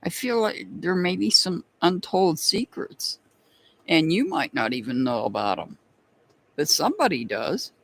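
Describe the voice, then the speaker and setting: A tarot and rune reader on a live stream, talking straight to chat viewers and musing between pauses. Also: mid-range voice, big pitch swings, creaky, breathy edge.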